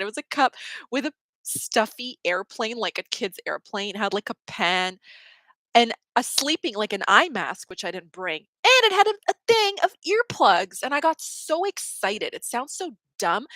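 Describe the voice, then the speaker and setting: A woman's voice: fairly high pitch, fairly bright tone, no room sound. Chatty woman rambling through a story. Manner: chatty, rambling, heavy use of "like"; laughs mid-sentence while storytelling. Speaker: livestream host. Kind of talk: casual anecdotal chat.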